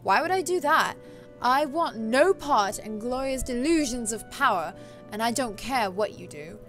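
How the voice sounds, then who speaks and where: A woman voicing an aloof, sardonic young sister in a visual novel, flat and uninterested. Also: fairly high pitch, a little slow, faint music behind. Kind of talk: reading a visual novel aloud.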